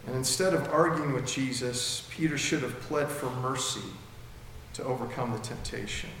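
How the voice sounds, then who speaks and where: A man preaching a sermon emphatically, with sudden swings between loud and soft, while his mouth keeps going dry. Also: mid-range voice, normal speed, a little hiss or hum. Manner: emphatic, with dramatic swings in loudness. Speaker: pastor. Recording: echoey hall with long reverb.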